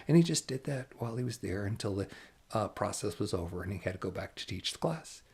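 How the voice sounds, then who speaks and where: Gravelly, husky-voiced man channeling. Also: mid-range voice, fast. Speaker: spiritual channeler and host. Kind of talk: channeled spiritual talk.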